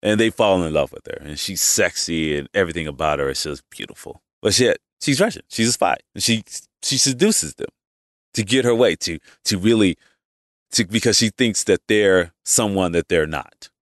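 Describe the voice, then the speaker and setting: A man's voice: low voice, animated, normal speed, dry recording, clean studio sound. A man hosting his podcast, talking casually through a rambling opinion monologue with many restarts and asides. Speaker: podcast host.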